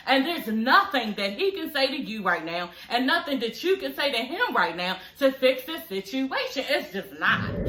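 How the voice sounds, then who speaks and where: A woman's voice: high-pitched, a little hiss or hum. Blunt, laughing woman in an echoey room. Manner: blunt, profane, animated and laughing, with repeated "you know what I'm saying". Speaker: reality TV recap host. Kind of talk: casual reaction commentary.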